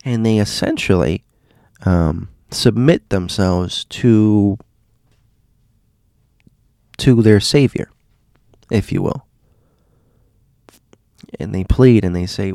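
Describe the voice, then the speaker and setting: A man hosting a show, telling a story in a casual, halting way, often repeating words and dropping to a hushed voice. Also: lowish voice, creaky, no room sound, clean studio sound. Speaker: host.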